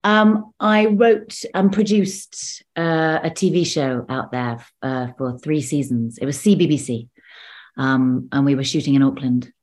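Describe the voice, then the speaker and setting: An actor appears as a guest in a video-call interview, talking casually in an extremely low, slightly mellow voice at an unhurried pace. She's chatty, restarts often, and laughs between her stories.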